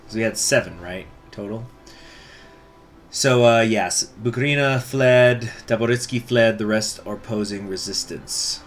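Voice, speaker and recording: A let's play host with a fairly low voice unhurriedly reads event text from a strategy game aloud, dropping casual joking asides between passages. There's slight background noise.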